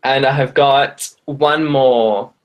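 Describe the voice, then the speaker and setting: An Australian tarot reader giving live-streamed card readings to viewers in a friendly, chatty way, often pausing on ums and restarting phrases. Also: medium pitch, steady tone.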